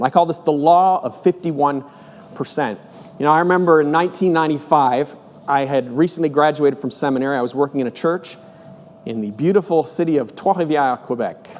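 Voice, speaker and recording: Pastor, male, middle-aged, earnest chatty sermon, somewhat high voice, echoey church hall. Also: darkish tone. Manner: earnest, conversational preaching with repeated emphasis. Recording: echoey hall with long reverb.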